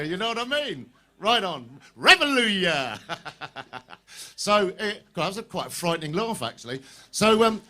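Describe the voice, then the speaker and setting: Male activist, fairly high voice, animated, stirs up the crowd at an outdoor rally. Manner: animated, swears casually, rallies the crowd with questions. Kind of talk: impassioned outdoor rally speech. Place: outdoor public square rally.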